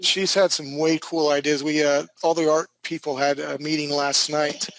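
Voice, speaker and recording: A man's voice: a little high, flat delivery, moderate pace, a bit bright, no echo, poor audio. A man hosting a live online game development class in a rambling, jokey, casual way.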